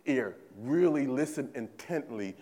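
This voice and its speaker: A man's voice: medium pitch, animated, measured pace, warm tone, long reverb tail. A male pastor preaching a sermon in a church, emphatic and repetitive, often checking in with the congregation. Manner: emphatic preaching, repeats phrases, asks "right?" often. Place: church sanctuary.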